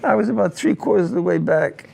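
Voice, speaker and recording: An older man, a war veteran, recounting a personal war memory in an interview, grave and halting, often repeating his words. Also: high-pitched, animated, gravelly, a little mellow.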